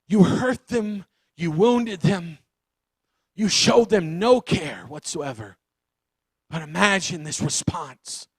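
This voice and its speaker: A man preaching a youth sermon, animated and acting out the voices of the story. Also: high-pitched, slow pace, husky, no room sound. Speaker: youth pastor.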